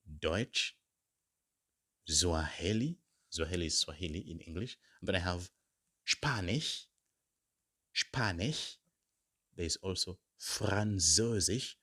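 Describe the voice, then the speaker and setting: Slow, husky male German tutor. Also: deep voice, sharp tone. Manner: slow, drawn-out modelling of example phrases; repeats words for learners. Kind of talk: lesson explaining German phrases in English.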